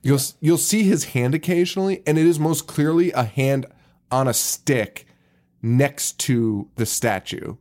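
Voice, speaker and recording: A man's voice: mid-range voice, unhurried, a little mellow. A man co-hosting a casual podcast, recapping a horror movie and laughing often as he quotes scenes. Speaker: podcast co-host.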